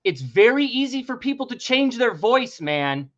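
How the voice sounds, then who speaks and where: A male podcast host goes on a heated, opinionated rant, emphatic and swearing freely, breaking into disbelieving laughter. His voice is extremely high and sing-song, a bit bright, at normal speed, and the audio sounds dull.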